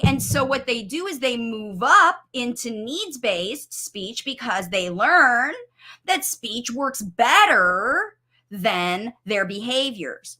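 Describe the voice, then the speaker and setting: A woman's voice: on the high side, sing-song, slow pace, pushed and bright. A woman speech-language pathologist coaching parents on a live stream, explaining with enthusiasm and everyday examples.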